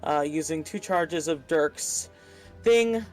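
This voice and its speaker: A player at a tabletop game who speaks slowly and unhurriedly. The talk is hesitant and full of ums and uhs, with dice totals added up out loud. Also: mid-range voice, soft background music.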